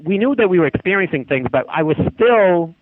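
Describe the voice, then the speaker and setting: A man's voice: high-pitched, animated, brisk, a little hiss or hum. A man telling a long haunting story on a podcast in a rambling, casual way, often restarting his sentences. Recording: phone-line call-in.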